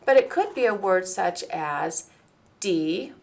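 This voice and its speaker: A woman delivering a recorded training lesson for teachers. She speaks at a middle pitch in a clear, deliberate way and slows down whenever she models a word or a sound. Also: lively intonation, a little mellow. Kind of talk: instructional presentation.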